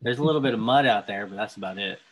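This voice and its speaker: A man's voice: fairly low pitch, rapid-fire. Man, podcast host, jokey teasing banter, casual interview. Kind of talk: casual chat.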